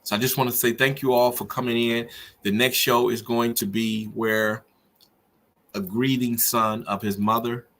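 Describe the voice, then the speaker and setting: A man's voice: medium pitch, flat delivery, moderate pace, a bit bright. A middle-aged man hosting a podcast, talking earnestly and preacherly about grief and faith. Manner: earnest, preacherly, rising with feeling. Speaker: podcast host. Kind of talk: emotional personal monologue.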